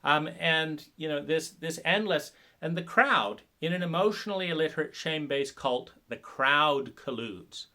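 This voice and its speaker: A man giving an impassioned, sarcastic monologue about trauma recovery, halting often with fillers and restarts. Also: fairly high pitch, bright, forceful tone. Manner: sarcastic, mocks others in put-on voices.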